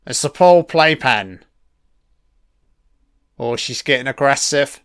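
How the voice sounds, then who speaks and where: A man's voice: medium pitch, lively intonation, slow, fairly bright tone, smooth, no room sound, studio quality. A man giving casual, sarcastic film commentary, swearing constantly and mocking what is on screen. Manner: sarcastic, heavily profane, mocking.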